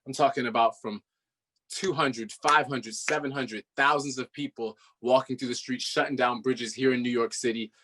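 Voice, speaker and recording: Earnest bright-voiced man. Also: medium pitch, steady tone, normal speed. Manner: earnest, speaks in bursts with fillers. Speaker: rapper and political organizer. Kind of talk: casual speech to a virtual audience.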